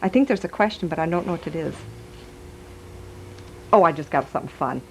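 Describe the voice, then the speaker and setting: A woman's voice: sits low, expressive, fairly quick, a little hiss or hum, low-quality recording. A woman giving a live stage reading as a psychic medium, chatty and giggly, passing on messages aloud.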